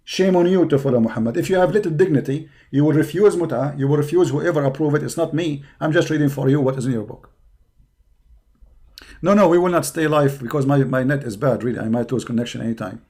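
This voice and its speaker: A hoarse man hosting a live stream, delivering a combative, mocking rant that taunts his opponents. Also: a little high, quick pace, warm tone. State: hoarse from hours of talking.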